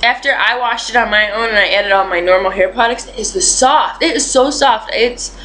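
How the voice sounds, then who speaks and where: A woman's voice: fairly high pitch, moderate pace, a bit bright, a little hiss or hum, poor audio. A young adult woman vlogging in a chatty, rambling way, with lots of fillers as she tells a story. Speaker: beauty vlogger. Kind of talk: casual chat.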